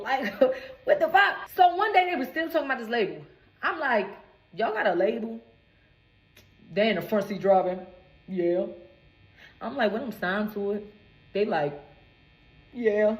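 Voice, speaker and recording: High-pitched woman in her twenties, swearing and indignant, storytime rant in an echoey room. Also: expressive, normal speed. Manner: profane, indignant, emphatic. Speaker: recording artist.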